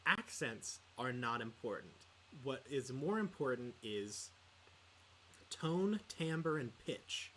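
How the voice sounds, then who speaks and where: A man's voice: medium pitch, big pitch swings, slow pace, a bit bright, a little hiss or hum. Rambling man with lots of fillers. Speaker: podcast co-host. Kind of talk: casual chat.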